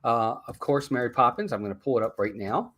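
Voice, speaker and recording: Hosting a laid-back, live-streamed film review podcast, this man talks fairly quickly in a medium pitch. Lively and quick to laugh, he banters with his co-host and delivers a rhyming spoof advertisement.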